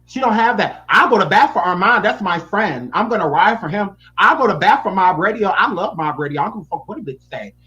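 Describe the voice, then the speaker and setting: A man's voice: sits high, expressive, a little fast, few pauses, sharp tone, dull audio. A man giving blunt, sassy and profane reaction commentary. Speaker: YouTube commentator.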